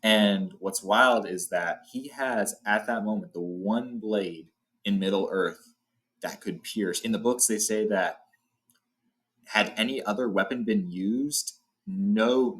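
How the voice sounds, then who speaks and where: A man with a low, deep voice talks through a countdown of favorite swords. His delivery is casual and eager, full of restarts and side remarks as he rambles along. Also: fairly bright tone. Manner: enthusiastic, rambling, says awesome often. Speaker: book channel host. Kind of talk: casual ranking talk.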